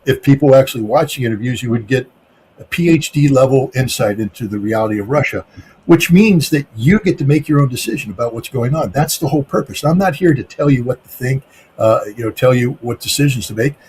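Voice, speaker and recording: An emphatic American man speaks as an interview guest, repeating himself and restarting phrases as he presses his points. His voice sits at a middle pitch, with a faint hum behind him. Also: fairly quick, darkish tone. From United States. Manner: emphatic, repetitive, with frequent restarts. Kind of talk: interview answers.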